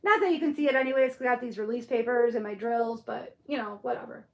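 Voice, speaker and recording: Chatty high-voiced woman from Michigan. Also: fast talker, roomy sound. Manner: chatty, answers viewer comments, muses aloud. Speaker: livestream crafter reading chat. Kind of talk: casual live-stream chat.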